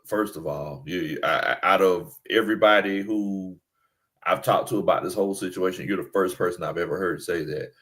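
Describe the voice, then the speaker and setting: Bright-toned low-ish man, easygoing. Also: a little fast. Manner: easygoing, agreeable, stammers. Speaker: co-host. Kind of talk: casual sports talk, addressing live chat.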